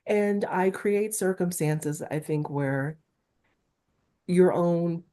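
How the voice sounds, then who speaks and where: A middle-aged woman from Newark speaks as an interview guest. Her voice sits low and mellow, yet she has a Valley-girl-like lilt. She talks in an animated, emphatic way. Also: extremely slow. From Newark, New Jersey, USA. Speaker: talent agent guest. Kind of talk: candid interview conversation.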